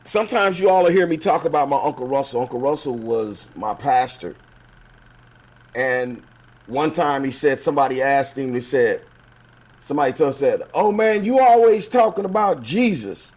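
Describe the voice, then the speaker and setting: A man hosting a show, retelling a Bible story as casual comedy with slang, acting out the characters in lively voices. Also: mid-range voice, moderate pace. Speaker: host.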